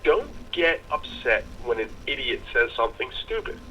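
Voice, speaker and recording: A man's voice: mid-range voice, very animated, moderate pace, sharp tone. A man co-hosting a chatty podcast, rambling through long stories and slipping into the voices of the people he quotes. His voice sits in an ordinary middle range. The recording sounds slightly dull and lo-fi, with a faint hiss behind him. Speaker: podcast co-host. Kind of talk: casual chat.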